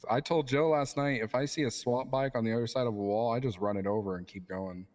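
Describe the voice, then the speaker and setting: A man's voice: mid-range voice, quick pace, darkish tone. A man interviewing a colleague in character during a roleplay game, asking joking, offhand questions. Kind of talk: in-character casual chat.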